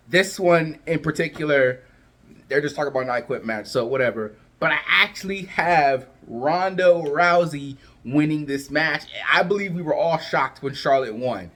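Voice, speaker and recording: A man's voice: on the high side, measured pace, fairly bright tone. A man vlogging his predictions in a loose, chatty way, full of fillers and restarts, his voice cracking a little. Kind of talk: casual chat to camera.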